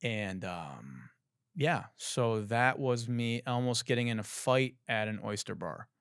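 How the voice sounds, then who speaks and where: Animated, storytelling man, dry close sound. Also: mid-range voice, slow pace, smooth, dry recording. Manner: animated, profane, acts out the other people in his story. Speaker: podcast host. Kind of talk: comedic storytelling monologue.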